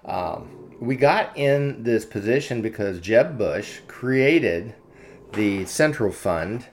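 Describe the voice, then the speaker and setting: Low-voiced man with a chatty monologue. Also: expressive, slow pace, slight background noise. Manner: chatty, frequent filler words, retells dialogue with "I said". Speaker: commentary channel host. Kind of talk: unscripted monologue telling an anecdote.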